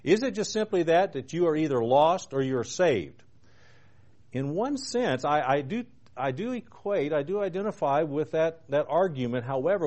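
Male TV preacher-host, earnest teaching delivery, slow emphatic scripture reading. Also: medium pitch, darkish tone. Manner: earnest, reads scripture with slow emphasis, asks rhetorical questions. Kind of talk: televised Bible teaching.

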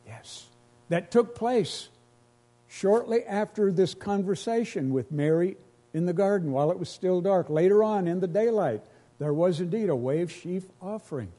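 A man's voice: high-pitched, lively intonation, normal speed, dark tone. A pastor preaching a sermon to his congregation, earnest and emotional, repeating phrases as he builds each point.

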